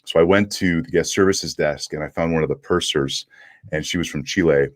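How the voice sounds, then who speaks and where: A middle-aged man with a French Canadian accent, a guest telling a story in an animated way. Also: very deep voice, brisk, dry recording. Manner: animated storyteller who acts out quoted dialogue. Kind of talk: casual storytelling in an interview.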